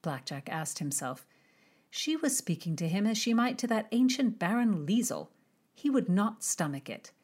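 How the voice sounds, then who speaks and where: A woman narrates an audiobook in a measured, expressive way. Her voice sits on the low side for a woman. The telling is steady and clear. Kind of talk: scripted narration of a historical romance.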